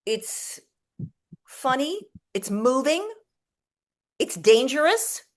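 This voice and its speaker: A middle-aged woman from the United States, telling animated, profane stories in a casual interview, with lots of restarts. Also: sits high, extremely slow. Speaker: interview guest, comedic performer.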